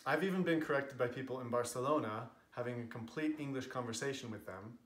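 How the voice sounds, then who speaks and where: A man's voice: mid-range voice, fairly quick, few pauses, a bit bright, reverberant. A man with an American accent explaining language points in a casual, earnest, chatty way, with many fillers. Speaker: language vlogger.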